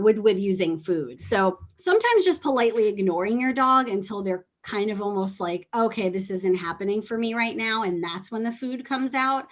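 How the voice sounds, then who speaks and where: A woman hosts a casual podcast in a chatty, animated voice of middle pitch. She tells stories and slips in quick asides. Her delivery sounds easy and conversational. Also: low-quality recording. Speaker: podcast host and dog trainer.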